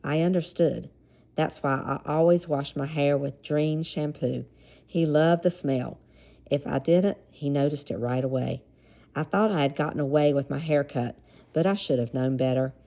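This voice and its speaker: A woman's voice: deep voice, moderate pace, warm tone. A woman with a Southern American accent reading a memoir aloud and dropping casual, chuckling asides between passages. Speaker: reader.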